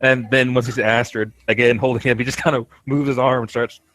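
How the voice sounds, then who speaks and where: A man's voice: mid-range voice, level tone, fairly quick, a bit bright, dry recording. A man describing his character's actions in a tabletop game, rambling with lots of fillers. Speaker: player.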